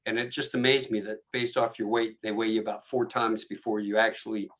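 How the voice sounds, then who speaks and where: Animated storytelling man, bright voice. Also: fairly low pitch, fairly quick. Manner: animated, acts out voices in his stories. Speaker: podcast host. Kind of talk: casual storytelling chat.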